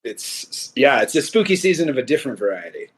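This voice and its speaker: A man's voice: mid-range voice, big pitch swings, a little fast, slightly rough. A young man co-hosting a podcast in casual chat, rambling with many fillers and dry jokes. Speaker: podcast co-host.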